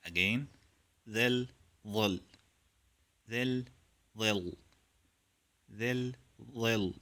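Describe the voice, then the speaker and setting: A man teaching pronunciation in a clear instructional style, drilling sounds in repeated pairs. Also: mid-range voice, a bit bright. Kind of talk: slow, clear instructional lesson.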